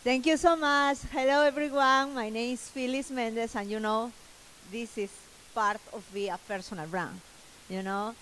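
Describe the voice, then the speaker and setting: A woman's voice: on the high side, fairly even intonation, normal speed, fairly bright tone, big-room sound, slight background noise, low-quality recording. Spanish-accented woman giving a motivational talk. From Latin America. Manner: earnest, repeats herself, broken English. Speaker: keynote speaker. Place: large event hall.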